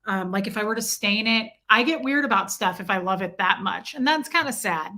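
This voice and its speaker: This livestream host is brisk, with a sharp mid-range voice and lively intonation. A mother living in Michigan, she chats about her day and her son and reads viewer names aloud in a roll call.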